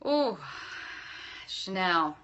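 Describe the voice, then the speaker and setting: A woman with a bright, forward voice reads for her live-stream viewers as a psychic medium. She is effusive, laughs often and calls people darling and love. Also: lowish voice, big pitch swings, drawn-out words, muffled recording, slight background noise. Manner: laughs often between readings.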